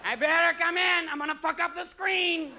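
Comedian's shrill tomcat voice, bossy, loud, live stage audience behind. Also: male voice, steady tone, normal speed, background noise. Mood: demanding. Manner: pushy, high and loud. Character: demanding male house cat.

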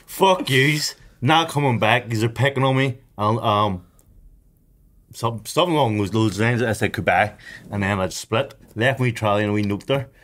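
A man's voice: lowish voice, fairly bright tone. A young man, telling a story as a podcast co-host, with lots of swearing and laughter. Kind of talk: casual chat, storytelling.

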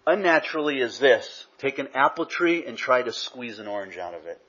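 Husky guy from socal preaching, chatty sermon, kinda dull lo-fi sound. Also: mid-range voice, brisk, fairly bright tone. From Southern California. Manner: conversational, frequent "you know" asides. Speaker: pastor. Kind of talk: sermon with personal storytelling. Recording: dull lo-fi recording.

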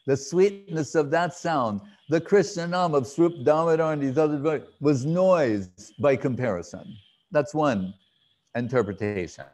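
Slow-speaking man giving a devotional talk. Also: mid-range voice, darkish tone. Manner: slow, reflective storytelling with pauses and fillers. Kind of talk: devotional lecture.

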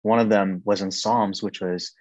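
A young man giving a personal faith testimony as a podcast guest in a casual, animated way, full of "like" and "um". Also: moderate pace, no room sound. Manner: animated, acts out quoted voices with sharp rises in pitch; casual, many "like" and "um" fillers. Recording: dry, slightly dull podcast recording.

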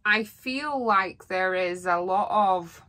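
A woman's voice: mid-range voice, takes it slowly, sharp tone. A woman giving a rambling, heartfelt tarot reading as a psychic. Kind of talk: solo tarot reading monologue.

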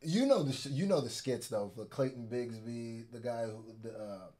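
Easygoing reaction-video host. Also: male voice, mid-range voice, moderate pace. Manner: relaxed, enthusiastic, with filler words. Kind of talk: casual reaction commentary.

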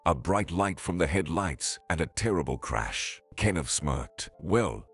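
A man's voice: deep voice, lively intonation, a little slow, fairly bright tone, husky, faint music behind. A man narrating a scripted drama story in a dramatic storytelling manner.

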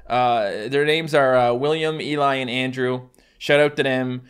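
Here a man from Newfoundland, Canada, speaks in his local accent while chatting loosely with viewers about their questions, wandering, self-deprecating, and full of fillers and false starts. His medium-pitched voice is clear and resonant, with fairly even intonation and an unhurried delivery.

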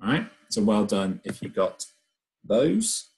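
A man's voice: fairly low pitch, slow, rough recording. A man, a primary school teacher, talking a young class patiently through a recorded remote lesson, step by step. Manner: reads the story aloud with lively expression.

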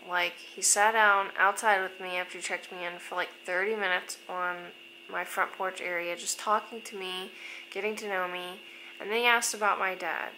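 Young woman vlogging, super chatty, says like a lot, sharp bright voice. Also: lowish voice, a little hiss or hum, poor audio. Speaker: travel vlogger. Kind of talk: casual storytelling vlog.

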